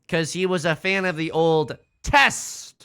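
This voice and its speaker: A young man streaming a mahjong game, joking with his chat and reacting loudly to his hands. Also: on the high side, moderate pace, gravelly, smooth. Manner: jokey, animated, talks to chat and reacts loudly to tiles. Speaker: Twitch streamer. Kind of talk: casual live-stream commentary while playing mahjong.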